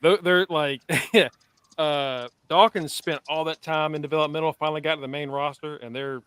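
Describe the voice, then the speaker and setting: Smooth-voiced man in his forties hosting. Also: fairly high pitch, steady tone, moderate pace, a bit bright, no room sound. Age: 40s. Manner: loose, rambling, with many fillers. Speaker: podcast host. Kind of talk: casual chat.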